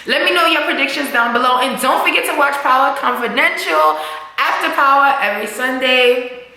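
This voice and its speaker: Young woman, animated TV recap vlog, slangy and swearing, bright forceful tone, very echoey room. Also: high-pitched, normal speed, creaky. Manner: animated, acts out characters' lines while recapping. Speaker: TV recap vlogger. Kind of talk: casual TV recap.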